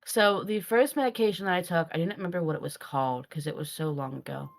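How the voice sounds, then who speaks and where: A woman's voice: lowish voice, quick pace, gravelly. A woman co-hosting a podcast, talking in a candid, earnest and reflective way with some hesitation. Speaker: podcast co-host. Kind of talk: candid casual chat.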